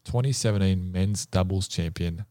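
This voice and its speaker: A man's voice: deep voice, normal speed, warm tone, slight background noise. A man hosting a casual podcast quiz, bantering and laughing with his guests. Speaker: quiz host.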